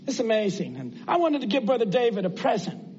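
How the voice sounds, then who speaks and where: A man's voice: very high voice, big pitch swings, a little fast, a little mellow, lo-fi sound, slight background noise. A man preaching a sermon in an earnest, conversational way, asking his listeners rhetorical questions.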